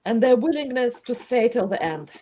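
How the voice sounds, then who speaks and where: Woman, emotional live commentator, tearful, impassioned pleading, halting delivery. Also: a little high, lively intonation, mellow, husky.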